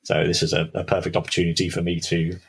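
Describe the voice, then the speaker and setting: A man co-hosting a podcast, telling a scary story casually, with hushed build-ups and dramatic pauses. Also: low-pitched, monotone, a little hiss or hum, poor audio. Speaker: podcast co-host.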